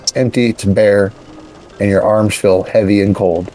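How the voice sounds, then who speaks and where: A man narrating as game master of a tabletop game, unhurried with many pauses. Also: lowish voice, fairly even intonation, dark tone, faint music behind, rough recording.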